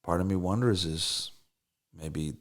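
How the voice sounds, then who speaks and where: Deep-voiced man, loose profane chat. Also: unhurried. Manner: loose, rambling, profane, many fillers and restarts. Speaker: songwriter and producer guest. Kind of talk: casual interview chat.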